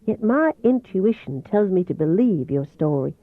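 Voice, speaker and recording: A gentle, persuasive male doctor with a soft, melodious voice and a slight Southern accent, as a woman reads him aloud. He coaxes and teases calmly. The recording sounds dull and dry. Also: medium pitch, moderate pace, no room sound. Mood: coaxing. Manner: calm, coaxing, gently teasing.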